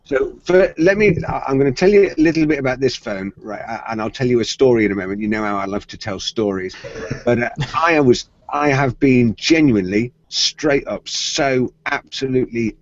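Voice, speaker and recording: A man's voice: mid-range voice, moderate pace. A middle-aged man co-hosting a tech podcast, telling a story playfully and acting out the voices of the people in it. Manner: playful storyteller who acts out quoted voices. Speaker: podcast co-host. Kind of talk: casual tech chat, storytelling. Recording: dry, slightly muffled podcast audio.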